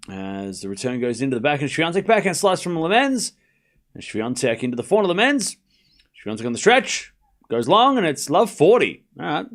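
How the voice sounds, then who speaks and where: A man's voice: fairly high pitch, fairly quick. Casual young man calling tennis live. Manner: relaxed, teasing with chat, breaks into laughter. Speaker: streamer doing live tennis watchalong commentary. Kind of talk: casual live play-by-play commentary.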